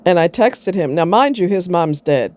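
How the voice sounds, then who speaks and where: A woman's voice: lowish voice, lively intonation, normal speed, a little mellow. A middle-aged woman vlogging, telling a personal story in a blunt, sarcastic way and swearing freely.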